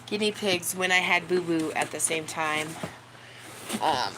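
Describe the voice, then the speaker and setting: A woman's voice: lowish voice, measured pace. A woman hosting a casual live chat from home, rambling to viewers and cooing baby talk to her dog. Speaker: livestream host chatting with viewers. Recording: loud background noise with dog sounds. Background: dog barking.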